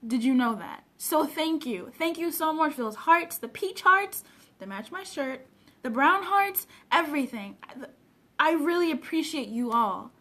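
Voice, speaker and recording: A woman from Africa with a high, bright voice, talking earnestly and emotionally on a casual live stream. She coaches people on personal development and answers her viewers' comments straight to the camera, recorded at home on a webcam. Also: big pitch swings, measured pace.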